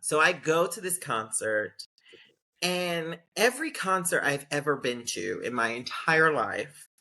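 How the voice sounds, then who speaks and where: Podcast host, casual chat, animated storyteller, acts out quotes, bright forceful voice. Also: mid-range voice, a little slow.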